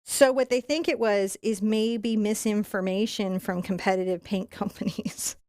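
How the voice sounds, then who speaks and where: A woman teaching a live painting tutorial in a soft, soothing voice as she paints. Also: mid-range voice, steady tone, normal speed, dry recording, clean studio sound. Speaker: painting instructor.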